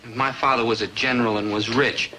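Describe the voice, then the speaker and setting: An actor playing a wisecracking, lovelorn young American man in a dry, deadpan 1960s sitcom style. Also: medium pitch, quick pace, close to an everyday voice. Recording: noisy old TV soundtrack.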